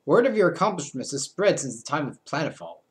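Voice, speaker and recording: A stern male faction leader speaks in a cold, clipped, self-assured manner, as a man puts him on while reading aloud. The voice sits a little high and moves a lot in pitch. It sounds formal and sure of its own authority. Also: very animated, quick pace. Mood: coldly formal.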